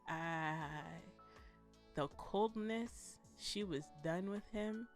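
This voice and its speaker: A woman giving a blunt, animated, profane commentary in a casual vlog, laughing often. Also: medium pitch, very slow, soft background music. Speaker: vlogger reviewing a documentary.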